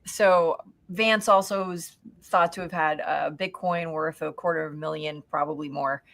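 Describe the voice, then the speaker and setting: Woman co-host, deep voice with lots of vocal fry, loose and hesitant. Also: steady tone, moderate pace, fairly bright tone. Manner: hesitant, starts over with fillers. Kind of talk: casual market chat.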